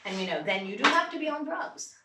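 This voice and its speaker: Here a woman speaks fast in a slightly high, very animated voice against heavy background noise. She's running a group vocal exercise at a church retreat, chatting casually, laughing a lot and sounding stuffy from allergies. A far-off room mic captures the echo of the church room.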